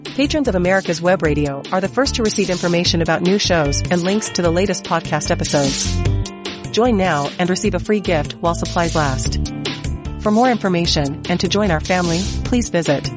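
A woman's voice: lowish voice, expressive, brisk. A woman reading a polished promo announcement for a web radio station. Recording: music bed under voice.

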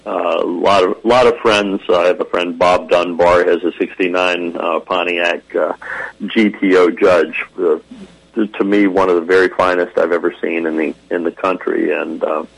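A man's voice: sits low, steady tone, normal speed, vocal fry, slightly rough, low-quality recording. A man from the American South co-hosting a radio car show, talking in a rambling, folksy way and laughing easily. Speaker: co-host. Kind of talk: casual radio chat.

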